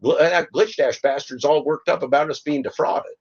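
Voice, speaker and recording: A man's voice: a little high, fairly even intonation, brisk, darkish tone, dull audio. An older man hosting a podcast, reading points aloud and breaking into fiery, rambling, sarcastic rants. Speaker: podcast host.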